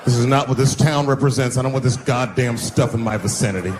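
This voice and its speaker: An indignant small-town man who speaks with emphatic disapproval, played by a comedian. He uses a lower, louder voice, with the noise of a live show behind him. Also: fast talker, lightly acted. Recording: noisy live show recording.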